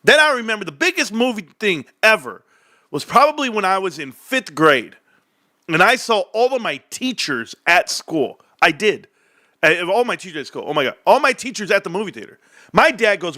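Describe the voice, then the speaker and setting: With big pitch swings, a brisk pace, and a pushed, bright high voice, this forty-something stock market vlogger rants casually at his viewers. He's rambling, joking, and prone to tangents, captured in a dry, studio-quality recording.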